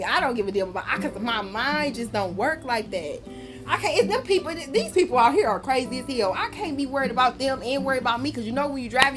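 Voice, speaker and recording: Young woman ranting, swears a lot, loud music under her. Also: a little high. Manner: profane, animated storytelling with lots of swearing. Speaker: podcast host. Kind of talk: casual monologue. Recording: music playing behind.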